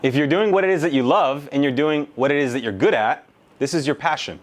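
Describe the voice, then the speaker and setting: A man's voice: on the high side, fast. A man in his thirties giving a storytelling keynote speech, emphatic and conversational. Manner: emphatic, conversational, swears casually. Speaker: motivational speaker.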